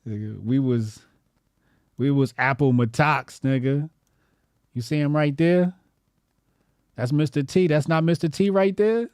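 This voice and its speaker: A male comedian riffs through internet posts in loose slang, swearing freely and breaking into laughter. His voice sits at an ordinary middle pitch. The recording is dry and close. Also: animated, unhurried, pauses often, a little mellow, dry recording. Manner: profane, laughing, slangy and off-the-cuff. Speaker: comedian host.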